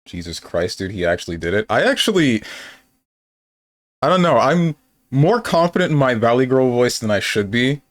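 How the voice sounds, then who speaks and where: A man's voice: mid-range voice, big pitch swings, moderate pace, no room sound. A young man streaming games, chatting casually and thinking aloud in a rambling, playful way. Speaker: game streamer. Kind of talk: casual live-stream chat.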